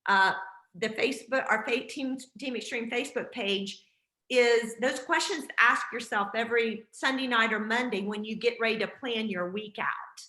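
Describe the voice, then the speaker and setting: A woman's voice: a little high, moderate pace, bright, forceful tone, echoey room. A woman hosting a casual team video call, chatty and encouraging with lots of fillers.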